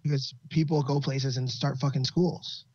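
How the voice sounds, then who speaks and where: A man's voice: mid-range voice, level tone, normal speed, mellow, husky, no room sound. A man in casual podcast talk, laid-back and swearing freely. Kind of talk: casual chat. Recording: dull, slightly muffled audio.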